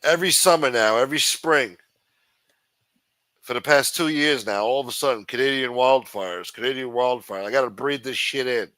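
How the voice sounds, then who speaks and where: A man's voice: medium pitch, normal speed, pushed and bright, no echo. A man hosting a livestream, reading news headlines and riffing on them with crude, sarcastic, profanity-laced commentary. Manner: crude, sarcastic, reads headlines aloud then rants. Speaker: livestream host.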